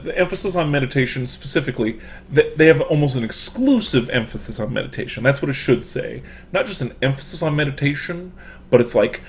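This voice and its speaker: A man, a professor, giving a casual online lecture through a computer microphone, full of fillers and restarts. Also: mid-range voice.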